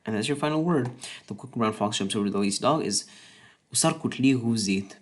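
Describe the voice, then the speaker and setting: A man's voice: lowish voice, fast. A man narrating a scripted explainer about a language he invented, often restarting words mid-phrase and adding wry asides. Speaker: conlang creator presenting a submission.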